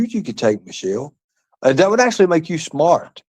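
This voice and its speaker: A man on the high side, with a sing-song, slightly mellow voice at a moderate pace, hosts a livestream. He rambles while reading out chat comments, answering with taunts, profanity and muttered asides.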